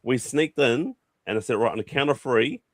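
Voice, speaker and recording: A man's voice: mid-range voice, expressive, normal speed, no room sound, clean studio sound. A man with a New Zealand accent hosting a casual livestream chat, rambling and swearing freely. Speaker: host.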